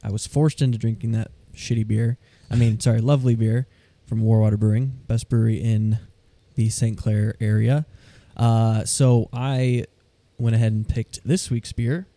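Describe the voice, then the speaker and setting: A man's voice: on the low side, moderate pace, hardly any pauses, no room sound. A man co-hosting a podcast in casual, jokey chat. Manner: relaxed, jokey, reads labels aloud. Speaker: podcast co-host.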